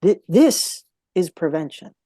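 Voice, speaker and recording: A man's voice: on the high side, big pitch swings, slow, warm tone, no echo. A man speaking as a podcast guest, telling a heartfelt story in an earnest way and repeating key phrases for emphasis.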